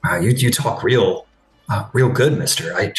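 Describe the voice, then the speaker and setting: A man's voice: fairly low pitch, moderate pace, roomy sound, soft background music, natural voice, rough recording. A man voicing a chatty, easily impressed male neighbor who rambles and stumbles over his words.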